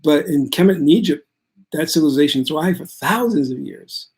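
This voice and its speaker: Calm male spiritual teacher, slightly high voice, steady reassuring talk to camera. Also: normal speed. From United States. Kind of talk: casual spiritual talk to viewers.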